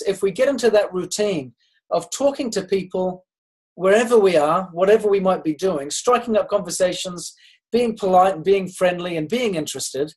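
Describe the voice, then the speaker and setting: High-voiced man giving a measured motivational talk. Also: poor audio. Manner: unhurried, with pauses and restarts; acts out quoted dialogue in his stories. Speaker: network marketing trainer.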